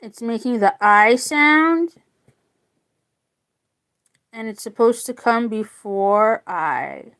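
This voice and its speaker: Woman teacher, higher voice, unhurried lesson delivery, sounds out and repeats each word. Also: lively intonation, a bit bright. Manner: slow, deliberate, repeats words to sound them out. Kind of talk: spoken phonics lesson.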